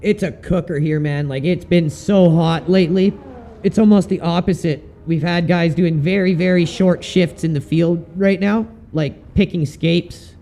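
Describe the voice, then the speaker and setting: A relaxed, chatty man, talking through his sim racing replay for a live stream. His voice sits a bit higher than most men's, with a mellow, warm tone, and he swears casually. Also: unhurried, slight background noise. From Canada.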